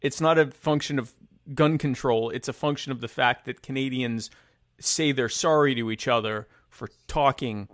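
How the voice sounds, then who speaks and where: A man in casual political chat, rambling and sarcastic, with many halting restarts. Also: medium pitch, fairly bright tone, no room sound, studio quality.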